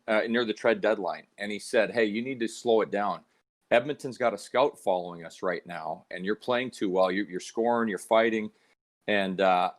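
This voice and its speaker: Man, middle-aged, from canada, lowish voice, lively storyteller, casual podcast guest. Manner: animated storyteller, acts out quoted voices. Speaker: guest hockey analyst.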